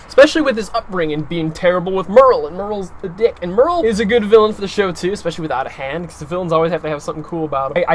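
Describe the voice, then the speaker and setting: A young man talks through a casual video review in a slightly high voice. He is animated and opinionated, piling on filler words as he jumps between points. Faint background noise sits behind him.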